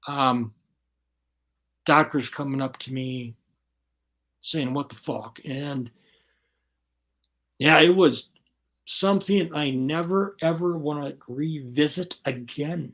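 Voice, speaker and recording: A man as an interview guest, telling his story bluntly and profanely in casual, animated talk. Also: a little high, slow pace, long pauses.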